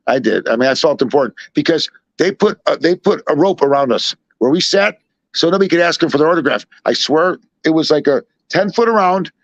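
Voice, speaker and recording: A man from Chicago spins a meandering story in a fairly high voice, full of asides. The recording is dull and lo-fi, with a dry, close sound. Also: brisk, dry recording. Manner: rambling, animated retelling with many asides. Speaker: storyteller guest. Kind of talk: casual anecdote telling.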